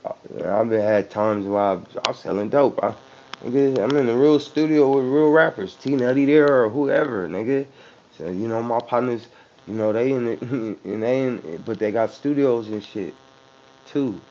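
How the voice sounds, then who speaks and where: A man's voice: mid-range voice, moderate pace, a little mellow. A man who raps, talking loosely and profanely in a casual interview, with frequent restarts. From San Francisco Bay Area. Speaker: rapper. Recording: muffled lo-fi recording with faint hum.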